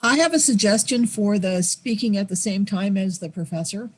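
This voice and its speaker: A woman's voice: mid-range voice, moderate pace, a little hiss or hum. A woman who works as a professor, asking questions and giving suggestions in a webinar over a video call, in a direct, explanatory way. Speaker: professor and audience member.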